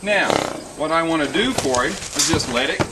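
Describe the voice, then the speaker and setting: A man working as a horse trainer, explaining each step calmly and soothing the animal with repeated praise as he works in an outdoor pen. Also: a little high, moderate pace, recorded from a distance. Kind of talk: instructional commentary while working. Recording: outdoors with loud insect noise.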